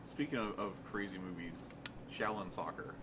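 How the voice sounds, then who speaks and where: Deadpan low-voiced podcast guy. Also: normal speed, background noise. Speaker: podcast co-host. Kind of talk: casual chat.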